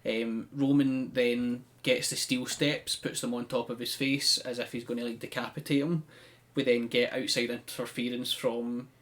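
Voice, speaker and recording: A man's voice: mid-range voice, little pitch movement, normal speed, few pauses, a bit bright. A man, casually recapping events on a podcast with frequent "um" and "like". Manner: chatty storyteller with frequent "um" and "like". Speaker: podcast co-host. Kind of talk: casual chat, recapping a wrestling show.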